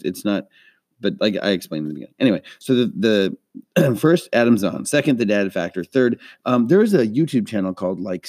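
A man with a low, mellow voice talks through a faith-minded podcast in a loose, rambling way, doubling back on his words. His delivery is earnest and conversational. The recording is close and dry. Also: no echo. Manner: rambling, earnest, many restarts. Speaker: podcast host. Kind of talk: casual faith-based movie talk.

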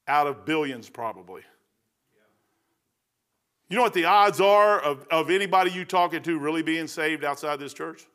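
A man's voice: a little high, normal speed, pauses often, a bit bright. A man preaching a folksy sermon, rambling through stories and laughing at his own jokes.

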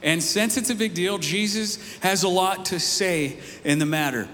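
A man's voice: high voice, moderate pace, bright, forceful tone. A man preaching a casual, conversational sermon as a pastor, telling stories to his church. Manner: casual storytelling, rising emphatic near the end. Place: church sanctuary. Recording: long hall reverb, faint noise.

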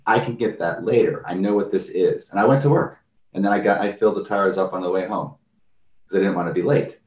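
Here the audio is dull, with a distant mic and plenty of reverb. The man has a deep voice and speaks quickly, casually discussing mindfulness through everyday stories in which he animatedly performs the quoted reactions of others.

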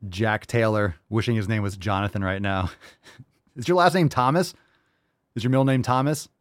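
A man hosting a comedy podcast, joking in a mock-angry, sarcastic way, jumping between loud jabs and low mutters. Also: normal speed, no room sound, studio quality. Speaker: podcast host. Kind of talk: casual comedic banter.

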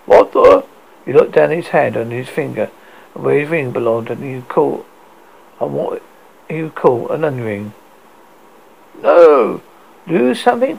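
Male storyteller, gravelly, stumbling read. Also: mid-range voice, a little mellow, rough recording. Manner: stumbling, frequent restarts. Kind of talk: reading a story aloud.

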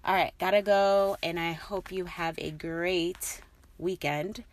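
A woman's voice: fairly low pitch, steady tone, takes it slowly. A middle-aged woman talking casually to her listeners, rambling and encouraging with many fillers. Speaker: host.

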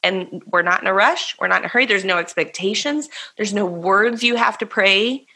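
A woman's voice: mid-range voice, normal speed, pushed and bright, breathy edge. A woman co-hosting a faith podcast, telling a personal story earnestly in a casual, self-deprecating way. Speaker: podcast co-host.

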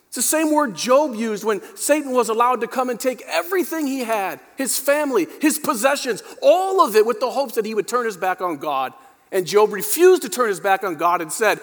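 A male pastor delivering a dynamic sermon, addressing the congregation directly and swinging from quiet, low passages to emphatic peaks. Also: animated, brisk. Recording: long hall reverb.

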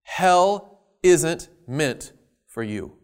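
A man preaching a sermon, stressing key words loudly and then dropping to quiet asides. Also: fairly high pitch, lively intonation, drawn-out words, smooth. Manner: emphatic, swinging between loud stresses and quiet asides.

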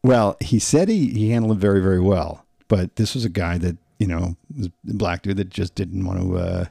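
A man co-hosting a casual podcast, easygoing and quick to laugh along. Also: low voice, gravelly, warm tone, slightly rough, dry recording, clean studio sound. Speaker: podcast co-host.

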